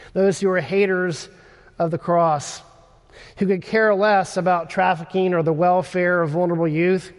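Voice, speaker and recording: A man delivers a sermon with a notably high voice, taking his time and leaning on measured pauses. His words carry a long reverb, as if spoken in a large hall. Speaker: preacher.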